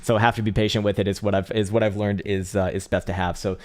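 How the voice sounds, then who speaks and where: Casting note: young male crypto streamer, lower-pitched voice, loose and profane, quick to laugh. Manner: profane, animated, laughs often. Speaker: crypto trading livestream host. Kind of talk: casual live market analysis.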